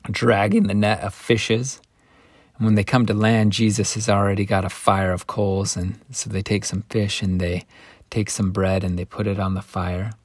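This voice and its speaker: A man's voice: fairly low pitch, dry recording, clean studio sound. A man teaching a Bible lesson, retelling the story in a conversational way with folksy asides. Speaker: scripture teacher.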